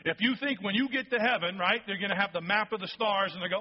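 High-voiced and a little fast, a pastor preaches with hardly any pauses. His sermon is conversational and emphatic, peppered with "okay?" to check on listeners, and it's captured in dull lo-fi sound.

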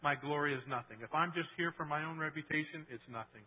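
A man delivers a sermon in a loose, conversational way, checking in with the congregation and laughing along. His voice sits fairly high for a man and moves between loud bursts and hushed asides. The sound is thin and tinny, like a phone line. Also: fast talker. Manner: conversational, keeps asking "right?" and laughing; swings from loud to hushed for emphasis. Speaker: pastor.

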